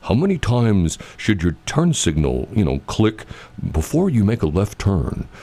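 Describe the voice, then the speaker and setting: A man's voice: on the low side, wildly swooping pitch, unhurried, dark tone. A man hosting a casual talk show. He rambles and fills his talk with "you know" and "I mean". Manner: acts out quoted voices while telling stories. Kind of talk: casual chat.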